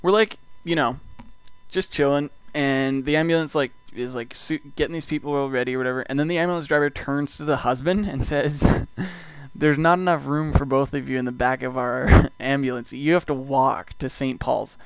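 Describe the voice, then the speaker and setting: A man's voice: medium pitch, steady tone, moderate pace, smooth, no echo. A young man, rambling through a profane anecdote full of "like". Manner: rambling, profane, heavy use of "like". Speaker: vlogger host. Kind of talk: casual storytelling.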